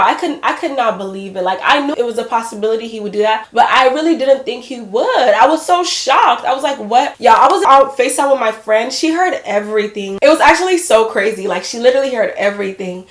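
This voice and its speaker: A woman in her twenties chatting casually to her viewers, telling a personal story in an animated way. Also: fairly high pitch, fairly quick, few pauses, echoey room. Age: 20s. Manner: animated, addresses viewers as y'all and girl. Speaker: vlogger.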